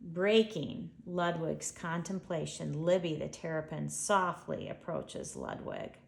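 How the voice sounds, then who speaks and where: A woman reading her own children's story aloud in an expressive, unhurried way. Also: on the low side, gravelly. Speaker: author reading her book. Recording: echoey room.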